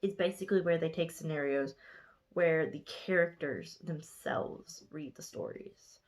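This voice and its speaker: A woman's voice: low-pitched, unhurried. Sleepy, chatty young woman reviewing a book. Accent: Southern US. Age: 20s. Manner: rambling, chatty, gushing, with frequent self-corrections. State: sleepy, yawning late at night. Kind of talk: casual book review vlog.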